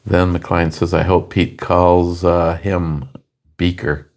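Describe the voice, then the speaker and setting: A man's voice: sits low, little pitch movement, takes it slowly, darkish tone. A man co-hosting a beer review stream, chatting casually and joking while he reads viewer comments aloud. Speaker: beer review co-host reading chat comments. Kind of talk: casual chat.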